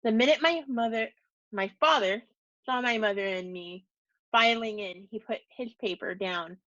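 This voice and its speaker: A woman teacher reading a short story aloud for her students, steady and measured, adding brief asides. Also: a little high, no echo, lo-fi sound.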